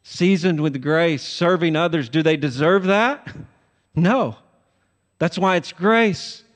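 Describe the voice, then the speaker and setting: A man preaching in a big church sanctuary, slow and deliberate, his voice a touch higher than most men's. He swings between forceful, rising warnings and hushed, gentle lines. Long reverb from the hall trails every phrase. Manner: emphatic preaching, voice rises on warnings and drops soft on grace. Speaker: pastor. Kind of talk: sermon.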